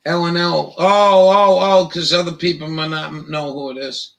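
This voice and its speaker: Man with a gravelly, bright voice on a live stream, swears a lot, keeps restarting. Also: on the high side, steady tone, low-quality recording. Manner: profane and halting, with many fillers and restarts. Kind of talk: casual rambling chat.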